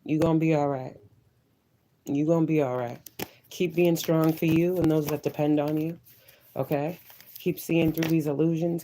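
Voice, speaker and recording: A woman's voice: deep voice, mellow, poor audio. A woman giving an emotional live tarot reading, repeating affirmations in a preaching way, swearing now and then and dropping to a near-whisper at times. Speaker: tarot reader.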